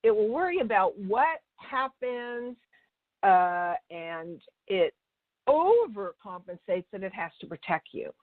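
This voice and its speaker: A woman's voice: medium pitch, very animated, slow, no room sound. A woman animal communicator telling stories and teaching in a chatty way, often restarting her sentences and acting out what people said. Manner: chatty, restarts mid-sentence, acts out dialogue. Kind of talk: teaching talk with anecdotes. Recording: dry, tinny phone-like sound.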